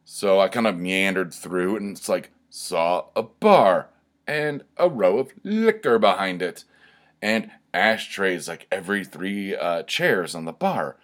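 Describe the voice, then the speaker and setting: A man's voice: sits low, very animated, slow. A man hosting his own podcast, chatting casually in a rambling, profane way with many fillers and restarts. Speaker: podcast host. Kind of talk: casual solo podcast chat.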